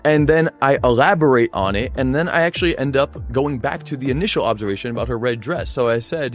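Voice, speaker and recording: A man at a middle pitch explains a clip to viewers with energy and a teaching tone. He often switches into re-enacting his own lines, and faint music plays underneath. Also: animated, fast, few pauses. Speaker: dating coach. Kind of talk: video breakdown voice-over.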